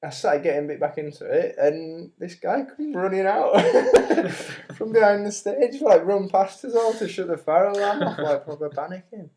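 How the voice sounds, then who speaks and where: A man's voice: high voice, big pitch swings, moderate pace, mellow, a little hiss or hum. Rambling young man telling a story. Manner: rambling storyteller, frequent "like", swears casually. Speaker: podcast co-host. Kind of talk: casual chat. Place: home, recorded on webcam. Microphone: webcam microphone.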